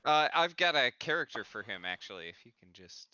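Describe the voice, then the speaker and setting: A man talking as a player in a tabletop game, his voice very bright and smooth. He speaks slowly and hesitantly, stumbling and restarting with plenty of "um". The sound is dry and a little dull, like an online voice chat. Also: mid-range voice, big pitch swings, dry recording. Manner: hesitant, stumbling over words with many "uh" and "um". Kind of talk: casual tabletop game talk.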